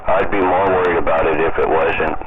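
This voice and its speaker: A deep-voiced man talks bluntly and profanely, swapping work stories in a casual ham radio chat. His voice comes through a muffled radio transmission with clear static hissing behind it. He speaks with plain, hard-edged candor. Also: steady tone, a little fast. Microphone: radio transceiver mic.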